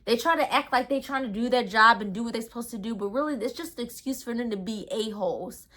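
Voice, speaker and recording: A young adult woman telling a casual storytime vlog in an animated, ranting way with lots of slang. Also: a little high, fast. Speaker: storytime vlogger.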